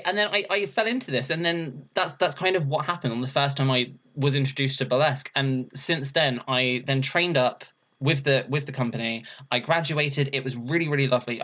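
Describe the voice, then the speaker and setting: A young man, a burlesque performer, chatting casually as a podcast guest and telling a story, laughing often and acting out quotes in a higher voice. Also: sharp tone.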